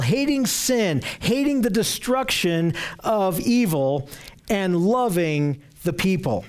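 A man preaching an earnest sermon, reading scripture aloud and often repeating words as he searches for phrasing. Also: high-pitched.

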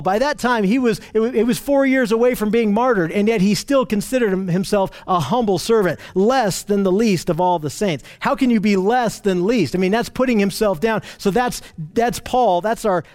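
A man's voice: sits high, normal speed, a little mellow. A man leading a conversational Bible study, repeating and restarting phrases, pointing out what to notice and putting questions to his group.

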